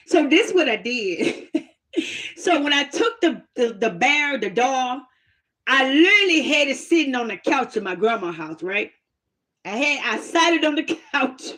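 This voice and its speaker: A woman casually telling a personal testimony story, animated and plain-spoken, laughing often. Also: high voice, unhurried. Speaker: host sharing a testimony.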